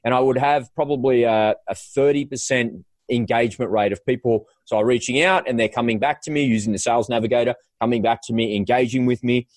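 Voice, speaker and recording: A man hosting a podcast, chatting casually in quick bursts with frequent restarts. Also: mid-range voice, steady tone, dry recording. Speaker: podcast host. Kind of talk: casual conversational chat.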